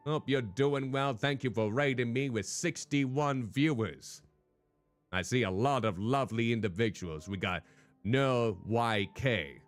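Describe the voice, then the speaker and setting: Over faint background music, a man with a lowish, slightly bright voice does live game-stream commentary. He adopts a mock hardboiled noir detective persona, chatting easily and greeting his viewers by name.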